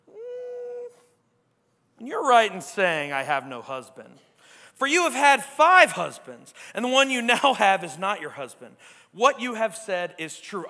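Male pastor, sermon, high bright voice, emphatic, shifts from hushed to loud. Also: gravelly, slightly rough, in a large hall. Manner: emphatic, keeps asking "right?"; swings between quiet reflection and loud exclamation. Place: church sanctuary.

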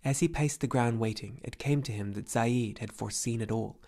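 A man reading a fantasy novel aloud as an audiobook narrator, in an even, measured way. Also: medium pitch, vocal fry. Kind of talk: scripted narration.

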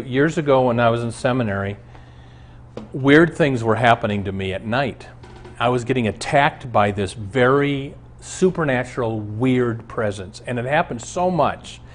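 A male pastor giving an earnest, emphatic Bible teaching and telling stories from his own life. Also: mid-range voice. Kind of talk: teaching sermon on a Bible show.

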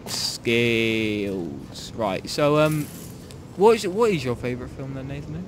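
This young Irish gaming host sounds a little high and animated, talking at a moderate pace against a noisy background during casual gameplay chat. He rambles, cracks jokes, and keeps trailing off mid-thought before picking back up.

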